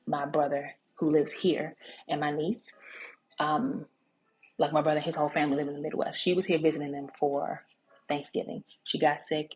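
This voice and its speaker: A woman with a low voice talks through a live cooking demonstration in a casual storytelling way. She rambles warmly, with frequent ums and self-corrections, over a faint background hiss. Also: poor audio. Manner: chatty, with many fillers and restarts.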